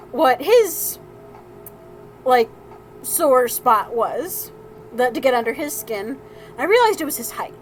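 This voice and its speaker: A woman's voice: sits high, low-quality recording. A woman hosting a live crafting stream, telling a family story in a casual, rambling way with frequent laughs and restarts.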